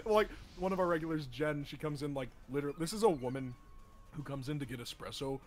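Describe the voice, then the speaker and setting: A man's voice: on the high side, animated, fast. A man on a livestream, telling anecdotes about his work, laughing and swearing casually. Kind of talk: casual storytelling chat.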